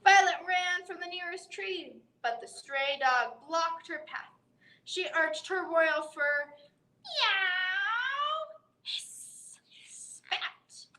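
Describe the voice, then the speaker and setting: High, bright woman reading a bedtime story. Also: slow pace, echoey room, a little hiss or hum, low-quality recording. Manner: expressive, voicing animal sounds. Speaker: children's librarian reading aloud. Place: library room.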